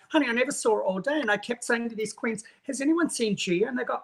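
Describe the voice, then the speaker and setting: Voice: medium pitch, quick pace, few pauses, a bit bright, husky. A guest costume maker chatting casually and gossiping, telling a long story and quoting others, often calling people honey. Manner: acts out others' lines in quotes. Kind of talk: casual chat.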